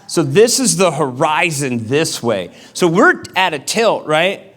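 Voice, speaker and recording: A man's voice: a little high, big pitch swings, measured pace, a bit bright. Man preaching with casual humor. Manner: casual, humorous storytelling with acted-out quotes. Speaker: pastor. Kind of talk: sermon.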